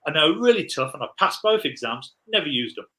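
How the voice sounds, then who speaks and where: Guy in his 40s rambling through old stories on a podcast, bright voice, laughs a lot. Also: fairly high pitch, fast, low-quality recording. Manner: rambling, laughing, animated anecdotes. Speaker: podcast guest. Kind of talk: casual storytelling chat.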